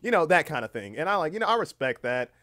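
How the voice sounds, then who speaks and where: A man chatting casually on a live stream, rambling and swearing freely, reading aloud haltingly with lots of fillers. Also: fairly high pitch, sing-song, pushed and bright, no echo, studio quality. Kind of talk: casual livestream chat.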